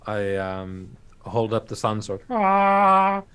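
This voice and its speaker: A man's voice: fairly low pitch, slow. A man playing a tabletop game, describing his character's actions with many hesitations. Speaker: player. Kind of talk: casual tabletop play.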